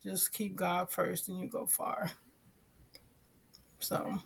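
A woman's voice: fairly low pitch, slow, vocal fry, breathy edge. A woman on a talk show casually telling a personal story, acting out the voices of the people in it. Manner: animated, acts out quoted dialogue.

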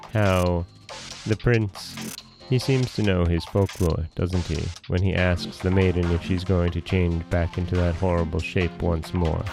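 A man hosting a podcast and reading a folktale in a calm, measured storytelling manner. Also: deep voice, gravelly.

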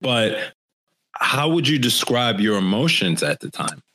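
A man's voice: medium pitch, very animated, unhurried, noisy background. A man hosting a casual sports podcast in a brash way, with swearing and laughs. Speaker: podcast host.

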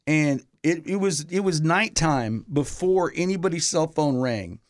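A man's voice: on the high side, expressive, a little slow, dry recording, studio quality. A middle-aged man, a touring musician, telling a long story in casual chat, rambling with lots of fillers and restarts.

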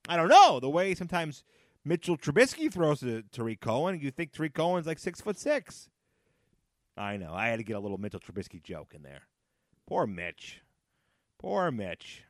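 A man's voice: a little high, huge pitch swings, moderate pace, long pauses, dry recording, studio quality. A man hosting a casual solo podcast, chatty and rambling, often laughing at his own jokes and repeating phrases for emphasis. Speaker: podcast host.

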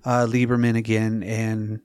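A man chatting casually about a movie, animated and profane, acting out scenes and laughing often. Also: on the low side, measured pace, smooth, no room sound, clean studio sound. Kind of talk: casual chat about a film.

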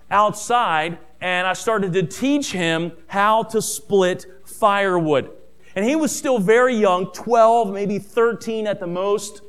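A middle-aged man preaching a sermon who tells stories, calls his listeners family, and rises in pitch and volume on key points. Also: smooth. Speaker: pastor.

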